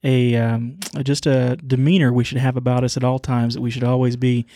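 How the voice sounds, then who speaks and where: A man co-hosting a podcast, giving casual closing remarks in a halting way, full of fillers and restarts. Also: medium pitch, level tone, dark tone, a little hiss or hum. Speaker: podcast co-host.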